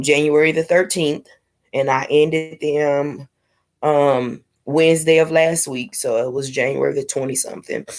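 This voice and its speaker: A young woman in casual live-stream chat, candidly talking to her viewers with sassy asides. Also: low-pitched. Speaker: vlogger sharing her IVF journey.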